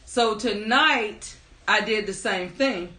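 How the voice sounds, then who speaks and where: Taking her time, this livestream storyteller welcomes her viewers one by one with cheerful, casual banter before her tale begins. Her voice sits at a medium pitch with a sharp edge, and the room sounds spacious.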